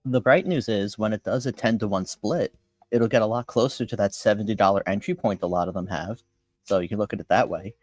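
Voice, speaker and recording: Low-ish voice guy in a live chat, talks fast and sure, dry sound. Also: no echo, faint music behind. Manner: fast, confident, chatty explanations. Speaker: participant.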